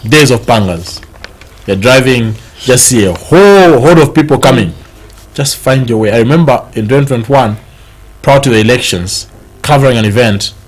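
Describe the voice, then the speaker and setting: Lively Zambian man hosting a morning show. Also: medium pitch, poor audio. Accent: Zambian English. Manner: animated, mixes in local words, jokes and laughs often. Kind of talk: casual chat reviewing newspapers. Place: TV studio.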